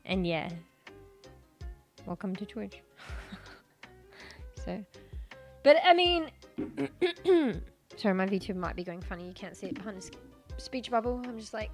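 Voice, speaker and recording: A woman's voice: medium pitch, animated, measured pace, pauses often. Woman, streamer, casual chat, sore throat, coughing, filler-heavy rambling, faint music behind. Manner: rambling, many fillers and restarts.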